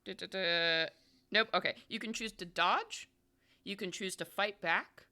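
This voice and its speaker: A woman's voice: mid-range voice, normal speed, pushed and bright. A woman narrating and explaining rules as game master of a tabletop horror game, in a chatty, explanatory way with many fillers.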